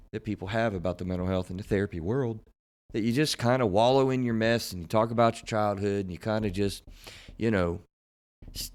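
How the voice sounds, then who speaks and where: A man with a low voice hosts a casual podcast as a therapist. He speaks in a halting way, restarting and repeating words as he works through his thoughts.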